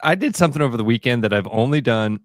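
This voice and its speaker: Chatty Midwestern radio co-host, storytelling. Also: male voice, medium pitch, animated, racing, dry recording, clean studio sound. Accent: Midwestern American. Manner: chatty, storytelling, laughs easily. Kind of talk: casual radio chat. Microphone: studio microphone.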